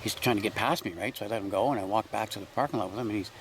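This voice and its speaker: A man in a casual chat who tells field stories in an animated way and acts out the voices of the people he quotes. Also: fairly low pitch, very fast, a little hiss or hum. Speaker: Sasquatch researcher.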